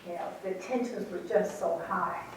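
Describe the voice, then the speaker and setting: Middle-aged woman, animated storyteller speaking at a talk, distant mic, big echoey room. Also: lowish voice, normal speed. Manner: animated storyteller, acting out quotes, laughing. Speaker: radio station manager recounting events. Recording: echoey room from far off, faint noise.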